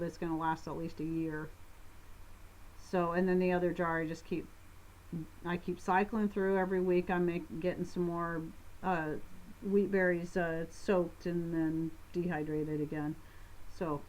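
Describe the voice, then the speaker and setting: A woman's voice: on the low side, a bit bright. A woman co-hosting a homestead live stream, answering viewer questions in a loose, chatty way. She rambles, cuts herself off and jumps between thoughts, with a light laugh never far away. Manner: rambling, self-interrupting, quick laughs. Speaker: co-host of a homestead live show. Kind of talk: casual live-stream Q&A chat.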